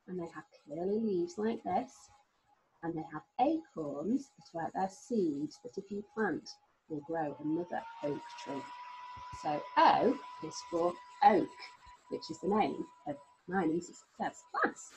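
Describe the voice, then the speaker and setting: A woman teaching a recorded phonics lesson to young children, sounding out words slowly in a sing-song way. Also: mid-range voice, darkish tone, a little hiss or hum, poor audio. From England. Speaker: reception class teacher.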